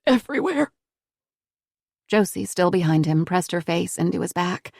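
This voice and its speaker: A woman narrating a thriller audiobook in a measured, even storytelling manner. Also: on the low side, vocal fry, dry recording, clean studio sound.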